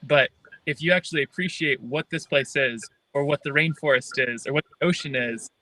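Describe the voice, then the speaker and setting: Brief: young filmmaker, thoughtful and halting, slightly high, bright tone. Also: male voice, no room sound, rough recording. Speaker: filmmaker guest. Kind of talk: livestream Q&A.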